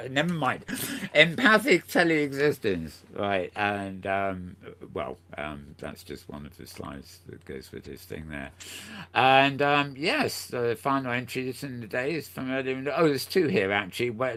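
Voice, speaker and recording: A man's voice: deep voice, a bit bright. A man hosting a casual news roundup, rambling along with plenty of self-corrections and frequent chuckles. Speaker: show host.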